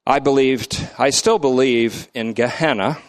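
An older man leading a Bible study in a lecture style, emphatic and slow to define each term, his pitch often swinging up and down. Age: middle-aged or older. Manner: emphatic, defines terms slowly word by word.

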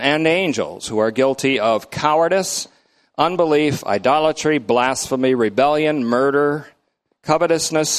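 A middle-aged or older man leads a lecture-style Bible study, moving deliberately and defining each term slowly, one word at a time. His delivery is emphatic, with heavy stress on key words and a pitch that climbs and dips.

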